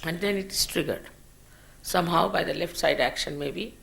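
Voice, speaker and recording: A woman teacher giving a slow, measured spiritual lecture at a public program, her phrases trailing off softly. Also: lowish voice, vocal fry. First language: Marathi.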